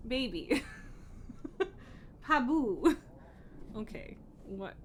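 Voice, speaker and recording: A woman's voice: a little high, sing-song, takes it slowly, pauses often, fairly bright tone, a little hiss or hum. A woman streaming live, chatting casually and cooing in baby talk at her pet between laughs.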